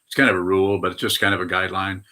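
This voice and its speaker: A man's voice: low-pitched, level tone, rapid-fire, bright, forceful tone. A man in his eighties, a Buddhist meditation teacher, giving a rambling dharma talk full of hesitations and self-corrections. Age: 80s. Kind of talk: dharma talk answering questions.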